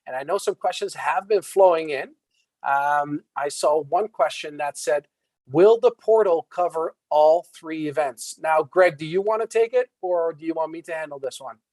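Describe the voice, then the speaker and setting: A man's voice: on the high side, normal speed, a little mellow, no echo, low-quality recording. A man hosting a virtual award night, speaking casually and upbeat with frequent fillers. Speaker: event host.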